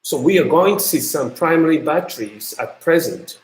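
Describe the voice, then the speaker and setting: A man with a Japanese accent who speaks Japanese natively, giving a university lecture in English in a halting way, with many fillers and restarts. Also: fairly high pitch, lively intonation. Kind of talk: recorded lecture. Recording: echoey room.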